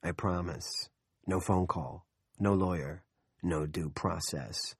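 A man's voice: deep voice, takes it slowly, slightly rough, no room sound, studio quality, heavily acted. A man voicing a cocky, crude young male deputy in an audiobook, sarcastic and exasperated. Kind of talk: audiobook character voice.

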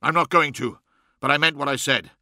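A man's voice: a little high, brisk, dry recording, studio quality. A man voicing a blunt, impatient male warrior captain who snaps and pushes hard. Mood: forceful. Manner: snapping, forceful.

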